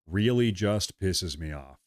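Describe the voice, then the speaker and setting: A livestream host chats casually and rambles as he reads out super chats, repeating himself and thanking viewers over and over. He has a deep, darkish, expressive voice and speaks slowly. The sound is studio quality with no echo.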